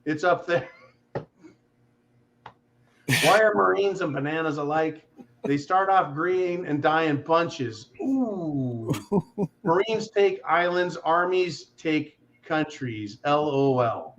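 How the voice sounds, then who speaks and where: A man hosting a casual livestream chat, joking loudly and swearing freely. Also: fairly high pitch, animated, slow, dull audio, slight background noise. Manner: profane, joking, boisterous. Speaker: host.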